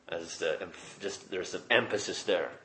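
A man's voice: low voice, moderate pace, sharp tone, echoey room, slight background noise. A man preaching a sermon, reading scripture aloud and explaining it with emphatic rises. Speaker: pastor. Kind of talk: expository sermon.

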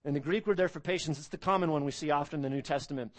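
A man's voice: a little high, very fast. A man preaching an expository sermon, emphatic, repeating phrases and asking rhetorical questions.

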